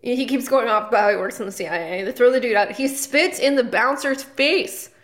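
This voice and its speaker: A woman's voice: on the high side, brisk, a bit bright. A woman comedian co-hosting a podcast, telling a story in a rambling casual way with lots of fillers and restarts. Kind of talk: casual chat.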